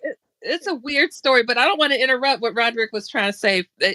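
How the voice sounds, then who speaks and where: A woman tells a personal story on a casual talk stream, bright and lively, her pitch jumping up whenever she acts out what someone said. The sound is dry and close, with no room around it. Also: quick pace, dry recording. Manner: animated, laughs often, acts out quotes with rising pitch. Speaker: show host telling a personal story.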